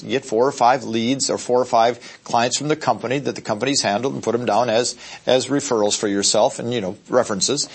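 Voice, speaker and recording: A man's voice: medium pitch, husky. A man training real estate agents in a seminar, talking emphatically and checking in with the audience. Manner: acts out short quoted voices. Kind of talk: seminar talk.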